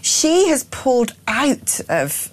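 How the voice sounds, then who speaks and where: A woman's voice: high voice, big pitch swings, slight background noise. A woman hosting a breakfast talk radio show, chatting casually and playfully. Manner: chatty, playful, quick to joke.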